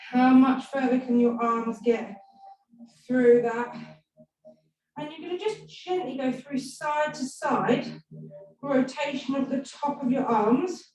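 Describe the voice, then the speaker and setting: A woman's voice: high voice, slow, a little mellow. A woman leading a stretch class, giving playful, encouraging cues. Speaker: fitness instructor. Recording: echoey room, far from mic, music behind. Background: background music.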